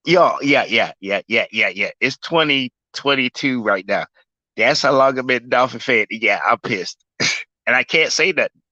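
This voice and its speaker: A man's voice: mid-range voice, animated, normal speed, bright, forceful tone, dry recording, dull audio. A man in his forties ranting in casual chat on a sports livestream, fuming, swearing and emphatic. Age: 40s.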